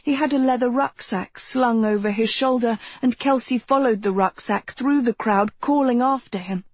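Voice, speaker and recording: A woman reading a novel aloud as an audiobook narrator, in a gentle, measured storytelling manner. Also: fairly high pitch, breathy edge, no echo. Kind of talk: scripted narration.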